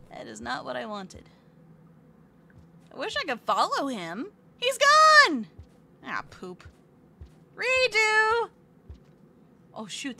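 A woman streams a game live, talking to her viewers in a playful, chatty way. Her high voice swings widely as she goes. Her tone is very bright, with faint room noise behind her. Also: vocal fry. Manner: playful, chatty, reads chat aloud; squeals and fake-whines at the game.

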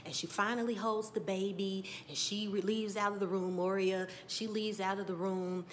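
A woman giving a casual, animated TV episode recap, chatty and sassy as she acts out scenes. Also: mid-range voice, normal speed, slight background noise. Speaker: TV recap vlogger.

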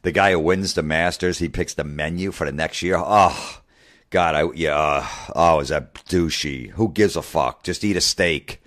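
A podcast host with an extremely deep, low voice talks casually and bluntly. He swears constantly, trips over fillers and restarts, and gets worked up as he goes. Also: moderate pace. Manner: blunt and heavily profane, with many fillers; excitable, gets fired up.

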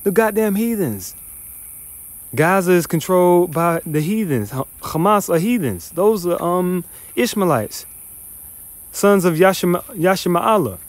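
A man's voice: sits high, animated, a little slow, no room sound. A man teaching the Bible verse by verse, reading passages then ranting in a profane, scornful, emphatic way. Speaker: scripture teacher.

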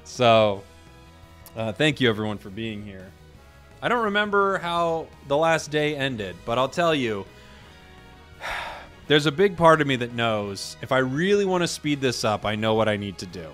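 A man hosting a gaming video, chatting casually about his matches and bursting into loud excitement at big plays. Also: medium pitch, measured pace, soft background music. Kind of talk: casual gameplay commentary.

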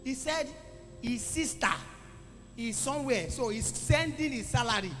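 A high-pitched, animated man preaching in a big reverberant church hall, with faint music underneath. He swings from shouted exclamations down to low, quiet asides and keeps calling on the congregation to answer back. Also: a little slow. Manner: preaching with call-and-response to a congregation. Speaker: pastor. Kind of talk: sermon.

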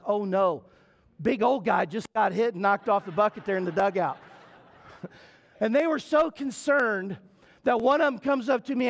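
A middle-aged male pastor preaching a sermon in a church, telling a story in a folksy, playful way and building into repetitive preaching. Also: sits high. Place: church sanctuary.

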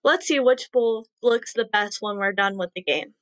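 A young woman teaching young children a syllable game, speaking slowly and encouragingly with sing-song praise. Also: mid-range voice, a bit bright, no echo. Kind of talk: read-aloud lesson for young children.

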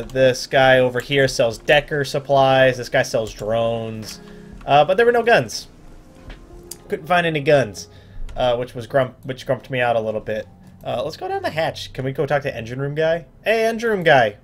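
A man's voice: mid-range voice, big pitch swings, normal speed. A man hosting a video game playthrough, chatting casually and reading the game's dialogue aloud, often stumbling over words. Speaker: let's play host.

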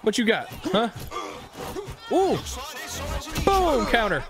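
A man reacts to his gameplay with excited whoops and joking asides. His voice sits high and swings widely in pitch. Game music plays clearly underneath. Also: normal speed. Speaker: gaming YouTuber. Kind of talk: let's play commentary.

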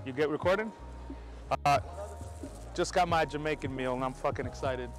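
Excited New York man vlogging outdoors. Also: on the high side, normal speed. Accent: New York American. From New York, USA. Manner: excited, chatty, swears casually. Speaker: film photography vlogger. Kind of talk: casual vlog to camera. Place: outdoors on a city street.

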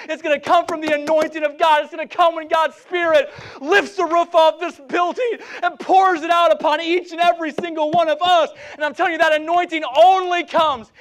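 Man preaching a fervent revival sermon. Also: very high voice. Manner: swings from shouting to hushed, repeats phrases. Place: church sanctuary.

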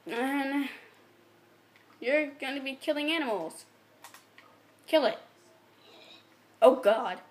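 A woman's voice: high voice, animated, unhurried, long pauses. Giggly hiccuping female gamer, echoey room. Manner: giggly, rambling, talks to viewers. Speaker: gameplay channel host. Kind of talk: casual gameplay commentary. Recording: echoey room, faint background noise.

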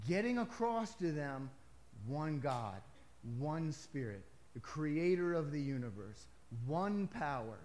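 Male pastor, somewhat high voice, conversational sermon with sudden emphatic lifts. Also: darkish tone. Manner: conversational preaching with emphatic rises and asides.

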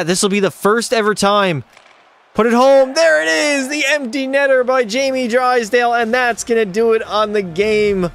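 Hyped young guy gaming, kinda high smooth voice, yelling play by play and joking w chat. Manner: hyped play-by-play, jokey, answers chat questions. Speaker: gaming streamer. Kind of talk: live gameplay commentary with chat.

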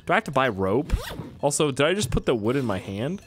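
A man's voice: medium pitch, very animated, fast talker, slight background noise. A young man from Canada giving joking, self-mocking commentary while playing a game. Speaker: gaming YouTuber. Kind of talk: let's play commentary.

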